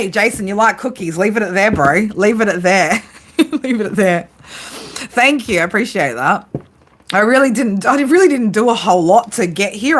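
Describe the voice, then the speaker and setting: A woman's voice: medium pitch, a bit bright. A woman doing a casual live tarot reading, teasing her viewers and swearing freely as she talks through the cards. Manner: teasing, profane banter with viewers. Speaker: psychic tarot reader.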